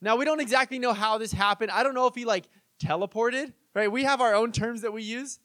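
A man's voice: very high voice, a little fast, fairly bright tone, dry recording. A man in his thirties preaching a conversational sermon, telling stories and acting out quoted voices. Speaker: pastor.

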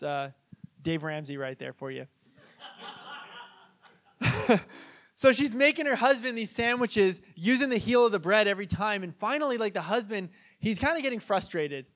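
A man preaching a sermon in a church, telling stories in a conversational, animated way and asking the congregation questions. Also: high-pitched. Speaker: pastor.

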